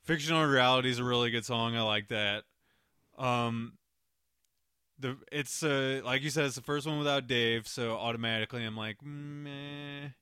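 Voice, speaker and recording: A man's voice: medium pitch, moderate pace, pushed and bright, clean tone, no room sound, studio quality. A man co-hosting a casual podcast about metal albums, blunt, opinionated and profane. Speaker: podcast co-host.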